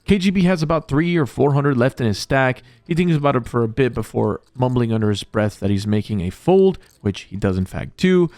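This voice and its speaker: A man's voice: medium pitch, expressive, brisk, few pauses, a little mellow, no echo. A man narrating his poker hands as a vlog voice-over, upbeat and jokey in a play-by-play way. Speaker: poker vlogger. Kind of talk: voice-over hand recap.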